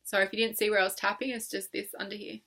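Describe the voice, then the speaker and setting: A woman's voice: medium pitch, little pitch movement, rapid-fire, fairly bright tone. A young woman leading a guided tapping session in a playful, coaxing way, laughing often and exaggerating her words. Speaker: EFT tapping coach.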